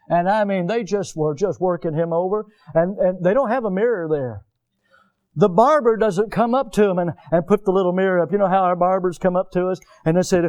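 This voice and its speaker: A male preacher delivering a sermon, with animated storytelling in which he acts out the people he describes. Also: sits high, a little fast, smooth, lo-fi sound.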